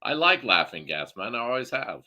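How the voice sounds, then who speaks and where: A man's voice: medium pitch, very animated, normal speed, sharp tone. A man in casual chat, telling profane stories with frequent laughter.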